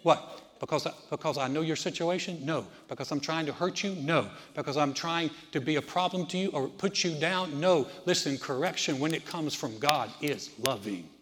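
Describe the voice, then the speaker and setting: A man preaching a folksy sermon to a congregation, dropping to a hushed voice when he tells stories. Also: a little high, moderate pace, big-room sound. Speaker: pastor.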